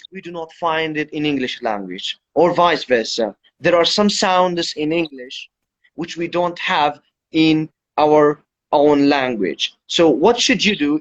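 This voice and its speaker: A man teaches English in an Instagram Live chat, laying out each point step by step. His voice sits a little high for a man. The sound is dull and lo-fi, like a livestream. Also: animated, slow pace, a bit bright. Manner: explains step by step, instructive.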